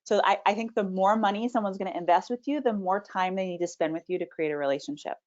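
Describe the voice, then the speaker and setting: A woman public speaking coach answers questions in a live webinar, speaking with confidence and animation. Her pitch sits mid-range, and the video-call audio sounds a little dull. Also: quick pace. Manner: confident, animated, demonstrates intonation.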